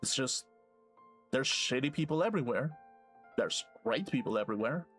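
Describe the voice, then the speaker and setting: A man's voice: mid-range voice, animated, moderate pace, a bit bright, soft background music. Rambling, profane male streamer. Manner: rambling, profane, laughs to himself. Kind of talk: casual rambling rant while gaming.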